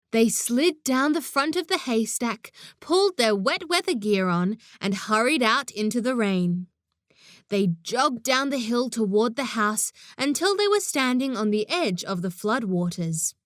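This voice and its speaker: A woman narrating a children's audiobook in an expressive storytelling manner, close to the mic. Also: fairly high pitch, dry recording.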